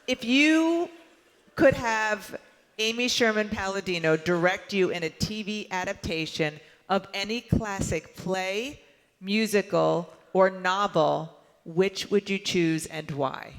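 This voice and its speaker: A woman interviewing a guest on stage, asking brisk questions. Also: mid-range voice. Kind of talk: onstage interview. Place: large event hall. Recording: long hall reverb.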